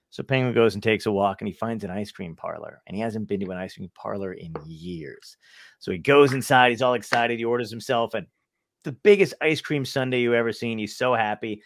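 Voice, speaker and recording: A man's voice: medium pitch, brisk, no echo, studio quality. A man on a podcast, chatting casually and telling dumb animal jokes, laughing often and acting out the voices in them. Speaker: podcast guest. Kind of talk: casual chat, joke telling.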